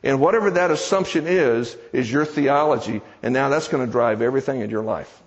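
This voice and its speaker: A man's voice: medium pitch, brisk, big-room sound, muffled recording. A man preaching a sermon in church, telling a story with conversational, joking asides to the congregation. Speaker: preacher and seminar teacher.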